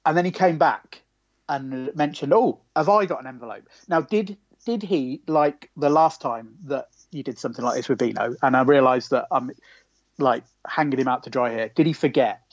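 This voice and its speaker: A man co-hosting a casual podcast, teasing his partner wryly with halting restarts. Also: mid-range voice, dry recording. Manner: wry, teasing, hesitant restarts. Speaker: podcast co-host. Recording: slightly dull, dry.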